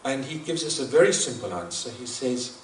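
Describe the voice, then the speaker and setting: A man's voice: mid-range voice, lively intonation, fairly quick. A man giving a reflective spiritual talk at a devotional gathering, speaking earnestly and thoughtfully with frequent restarts and repeated phrases. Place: large hall at a celebration. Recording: echoey hall, voice from far off, faint noise.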